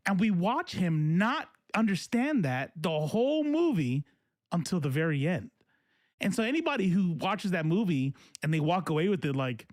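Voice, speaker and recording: A man's voice: high voice, sing-song, a little fast, no room sound, studio quality. A man hosting casual political commentary, talking in a rambling, profane way with many fillers and restarts. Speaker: host.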